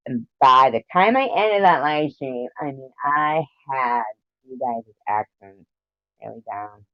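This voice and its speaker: A woman's voice: a bass voice, normal speed, a bit bright, no room sound, muffled recording. A woman hosting a casual livestream who teases her viewers and reads their messages aloud. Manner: playful, teasing, answers chat messages aloud; tries out joke accents. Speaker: livestream host.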